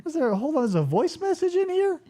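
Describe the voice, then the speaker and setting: Brash, foul-mouthed show host with a lively voice. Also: sits high, brisk. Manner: brash, joking, swears freely. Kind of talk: casual profane banter.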